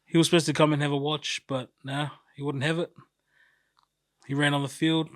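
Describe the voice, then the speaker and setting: A man's voice: fairly high pitch, level tone, a little fast, dry recording, clean studio sound. A man with a New Zealand accent, co-hosting a casual podcast chat, joking and teasing in banter. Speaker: podcast co-host.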